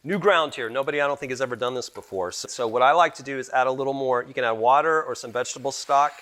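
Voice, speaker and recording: A man's voice: mid-range voice, fast, a bit bright. Chatty man walking through a recipe. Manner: chatty, keeps addressing viewers as guys. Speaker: guest cook. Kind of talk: cooking demonstration.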